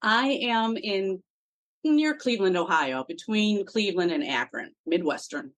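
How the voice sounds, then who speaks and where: A woman's voice: medium pitch, animated, a little slow. A woman speaking as a podcast guest, friendly and self-deprecating, who laughs often. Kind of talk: casual interview chat.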